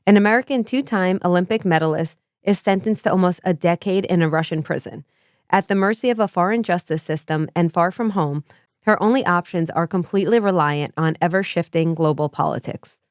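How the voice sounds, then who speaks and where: A woman hosts a podcast in a smooth, resonant voice pitched a little low. She talks in an organized, explanatory manner. The sound is dry and close, with no room echo. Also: a little fast. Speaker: podcast co-host and lecturer. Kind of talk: casual podcast chat.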